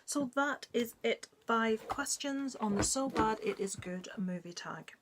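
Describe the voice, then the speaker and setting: A woman's voice: on the high side, lively intonation, measured pace, over music. Chatty woman rambling about movies. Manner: chatty, rambling, many ums and asides. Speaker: movie vlogger. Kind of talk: casual chat.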